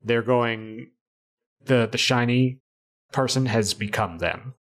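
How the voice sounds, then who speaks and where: Man, game master, relaxed chatty narration, tabletop game, mid pitch. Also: takes it slowly. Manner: relaxed, chatty, hesitant with fillers while describing scenes.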